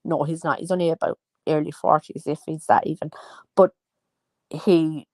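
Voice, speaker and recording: A woman's voice: low-pitched, steady tone, moderate pace, darkish tone, dry recording. A woman talking in a rambling, chatty monologue, often losing her train of thought. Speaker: vlogger. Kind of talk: casual monologue.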